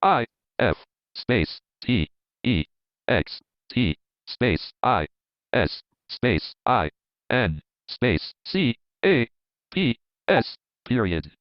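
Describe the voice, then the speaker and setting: A man's voice: medium pitch, very animated, extremely slow, pauses often, dry recording, highs cut off. A male-sounding screen reader speech synthesizer spelling text out letter by letter in a clipped, synthetic way.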